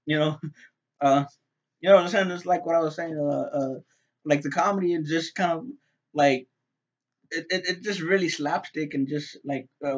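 A man talks through a TV episode in a loose, rambling way, stumbling over repeated words and scattering fillers and swearing. His voice sits a little high. The recording sounds dull and lo-fi. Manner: loose and profane. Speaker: TV episode reviewer. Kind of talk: casual spoken review.

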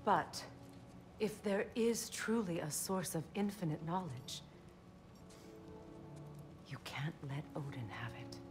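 A grave goddess in a video game. Her voice is low and slow, measured. Faint music plays behind. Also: lively intonation.

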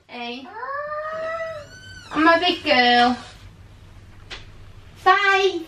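A woman's voice: sits high, sing-song, a little slow, vocal fry, long pauses, very noisy. A woman, a mother, talking in coaxing, giggly baby talk to her toddler in a small playroom crowded with toys. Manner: sing-song, coaxing, giggly.

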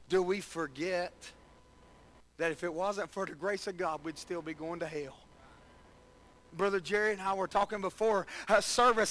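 A male pastor preaching a sermon, swinging between soft asides and shouted emphasis, often talking straight to the congregation. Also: sits high, moderate pace, poor audio.

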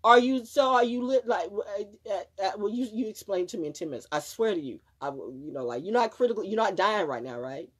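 A woman's voice: mid-range voice, lively intonation, fast, hardly any pauses, slightly rough. A woman hosting a live stream, talking casually in a rambling, emphatic way with frequent swearing and restarts. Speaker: livestream host.

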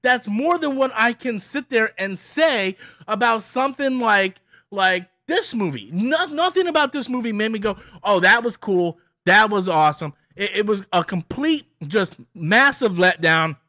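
High-voiced man ranting a movie review. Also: animated, a little slow, hardly any pauses, pushed and bright, no room sound, studio quality. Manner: rambling, many restarts and repeats; annoyed, opinionated.

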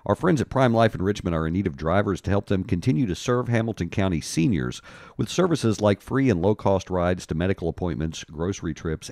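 A man reading local news headlines and community notices in a brisk, scripted announcer style. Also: sits low, darkish tone, no echo, studio quality.

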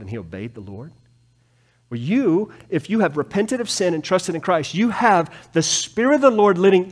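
A man preaching a sermon as pastor in a church, animated, swinging from soft, low passages to loud, pleading ones. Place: church sanctuary.

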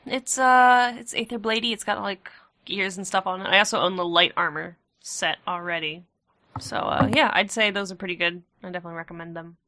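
Bright, chatty woman hosting a podcast. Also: medium pitch, brisk. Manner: chatty and self-deprecating, trailing off quietly. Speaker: podcast host. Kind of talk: casual gaming podcast chat.

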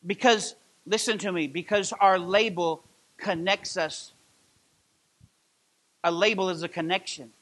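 A middle-aged man preaching a sermon as pastor of a church, impassioned and building to loud emphatic peaks. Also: sits high, fairly even intonation, a little slow, long pauses. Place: church sanctuary.

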